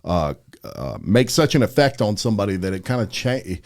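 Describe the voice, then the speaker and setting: A man's voice: on the low side, big pitch swings, moderate pace, a little mellow. A man hosting a podcast, chatting with a guest across the table, friendly with many fillers and restarts. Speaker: podcast host. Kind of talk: casual interview.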